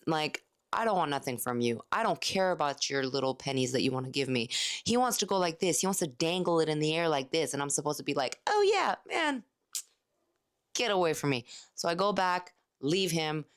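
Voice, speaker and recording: Woman late 30s, low voice, casual vlog storytelling, acts out what people said. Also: brisk, clean tone. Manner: animated, candid, acts out quoted lines. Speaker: dancer telling her work story.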